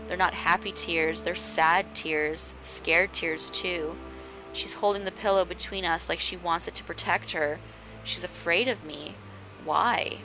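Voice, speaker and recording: A woman streamer reading a visual novel aloud in a slow, hushed way. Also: fairly low pitch, fairly even intonation, over music. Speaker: game streamer.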